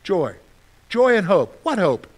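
A middle-aged man preaching a sermon as pastor, lively and conversational, asking his listeners questions and answering them himself. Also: sits high, slow pace. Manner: animated, asks the congregation questions and answers them; acts out his own panicked reactions for humor.

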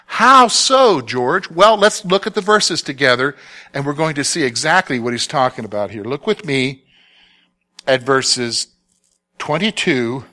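A man's voice: mid-range voice, expressive, measured pace, sharp tone. A male pastor preaching a conversational sermon, often stumbling over repeated words and checking that listeners follow him.

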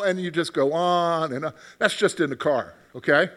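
A man teaching a Bible study class in an interactive discussion, with a high voice. His tone is bright and forward. He asks the group questions, repeats his points, and keeps checking in with "okay?". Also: moderate pace, few pauses.

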